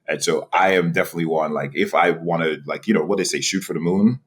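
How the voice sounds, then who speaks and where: A man in his forties from New York, a podcast guest telling his career story in an animated way, with many restarts and a repeated "right?". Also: sits low, fast. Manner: animated, frequent laughs and restarts, rhetorical "right?". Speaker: podcast guest, executive director. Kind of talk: storytelling interview.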